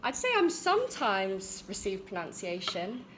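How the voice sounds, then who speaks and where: A young woman with a standard southern English accent, a guest teacher chatting in a live-stream interview, pausing often on "um". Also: medium pitch, big pitch swings, fairly bright tone, slight background noise, rough recording. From England. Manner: chatty, with many "um" pauses.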